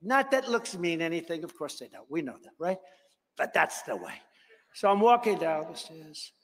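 A man's voice: fairly high pitch, sing-song, moderate pace, a bit bright, husky. An older man giving a rambling, boastful speech to a conference crowd, acting out the dialogue in his anecdotes. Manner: conversational, boastful, acts out dialogue, digressive. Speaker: speaker at a political conference. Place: large hall. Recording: long hall reverb.

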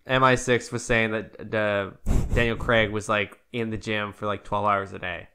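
Smooth-voiced young man chatting. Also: lowish voice, flat delivery, normal speed, pushed and bright. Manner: rambling, laughs often, loses words. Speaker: podcast co-host. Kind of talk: casual chat.

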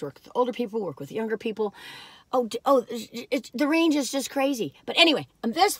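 A woman's voice: mid-range voice, dry recording. Chatty older woman vlogging from her car. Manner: talkative, warm asides to viewers, frequent laughs and fillers. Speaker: vlog host reviewing cookies. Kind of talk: chatty rambling vlog talk.

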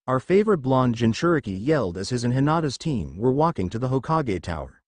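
A man reads a fan fiction story aloud, his pitch rising and falling as he tells it with animation. He's brisk with few pauses, and the recording is close and dry, without room sound.

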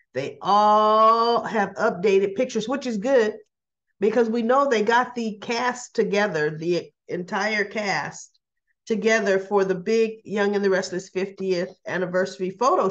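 Chatty woman recapping a soap, lo-fi. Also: mid-range voice. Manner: chatty, retells scenes with quoted lines and little laughs. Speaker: soap opera recap host. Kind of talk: casual chat.

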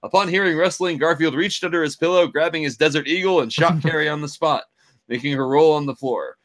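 A man reading a silly novel aloud, narrating in a mock-dramatic, deadpan way. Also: fairly high pitch, brisk.

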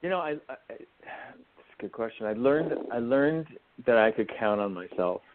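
A man, a guest actor and writer, talking in a radio interview, halting and heartfelt as he reflects. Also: medium pitch, expressive, noisy background. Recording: phone-like call line.

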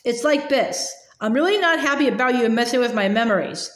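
A woman's voice: on the high side, animated, brisk, roomy sound, natural voice. A woman reading as an earnest teenage boy hero. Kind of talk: storybook reading aloud.

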